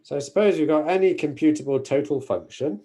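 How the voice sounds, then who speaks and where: Man, university lecturer, mathematics lecture, mellow warm voice, careful self-correcting delivery. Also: a little high, brisk. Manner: careful, self-correcting explanations with frequent fillers.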